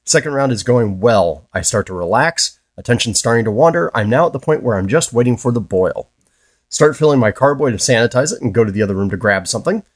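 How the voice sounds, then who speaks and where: A man's voice: medium pitch, lively intonation, quick pace, no echo. A man co-hosting a podcast, telling brewing disaster stories and reading listener letters in a dry, wry way. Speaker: podcast co-host.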